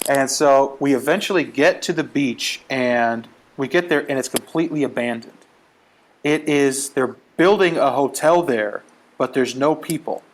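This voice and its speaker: A man's voice: medium pitch, normal speed, a little hiss or hum. A man casually telling a comic travel story, acting out the quotes as he goes. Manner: animated, acts out quotes. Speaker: guest storyteller.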